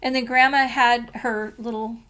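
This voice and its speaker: A woman's voice: on the high side, level tone, normal speed, bright, forceful tone. A woman in her sixties from California, co-hosting a podcast and telling family stories in a rambling casual way with many restarts. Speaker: podcast co-host. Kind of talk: casual chat.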